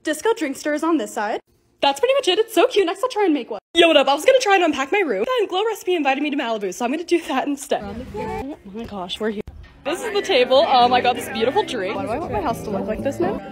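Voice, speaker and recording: A woman's voice: high voice, big pitch swings, fast talker. A young woman narrating her lifestyle vlog in a bubbly, chatty, upbeat way. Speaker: lifestyle creator.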